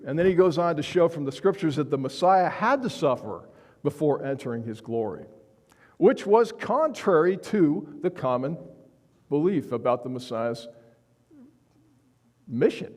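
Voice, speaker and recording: A man's voice: a little high, expressive, measured pace, long pauses, darkish tone, big-room sound. A male pastor preaching a sermon in a church sanctuary, speaking earnestly and with emphasis, often restarting his phrases.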